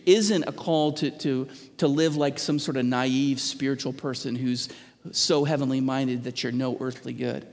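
Give me a middle-aged man preaching a sermon in earnest, questioning tones, restarting words as he pushes his point. His voice sits a bit high for a man, and it rings out with a long reverb through a large church hall. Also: darkish tone. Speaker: pastor.

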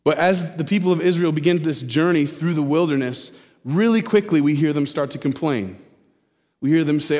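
A male pastor preaching an expository sermon, repeating key phrases slowly for emphasis. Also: fairly high pitch, darkish tone. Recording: preaching in a hall with long reverb.

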